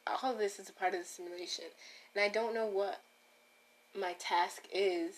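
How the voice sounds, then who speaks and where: A woman's voice: mid-range voice, steady tone, moderate pace. A woman hosting a casual solo podcast, rambling and breaking off her own sentences as she talks straight to her listeners. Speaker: podcast host.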